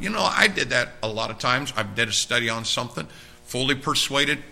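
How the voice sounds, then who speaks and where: A man's voice: mid-range voice, lively intonation, a little fast, gravelly, pushed and bright. A man preaching a sermon, talking straight to his congregation in a conversational way and often checking in with them. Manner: conversational preaching with frequent direct asks to the congregation.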